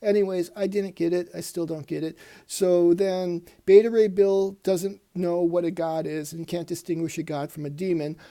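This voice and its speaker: Gravelly low-toned man chatting about comics. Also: dark tone. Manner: rambling, reads comic panels aloud in put-on voices. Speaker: comic book show host. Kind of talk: casual comic review.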